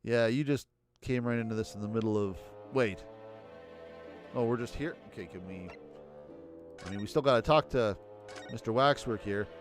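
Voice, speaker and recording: A man's voice: on the low side, moderate pace, long pauses, soft background music. A man streaming a video game, chatting casually and joking as he reads the story aloud. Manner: chatty, joking, often laughing. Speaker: let's-play streamer. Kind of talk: casual game commentary, reading dialogue aloud.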